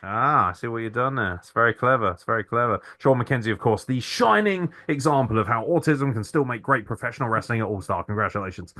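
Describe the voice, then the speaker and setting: Lively bright-voiced podcast host. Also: male voice, medium pitch, fast talker, few pauses. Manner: mock-grandiose announcer introductions full of profanity. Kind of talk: crude comedy podcast banter.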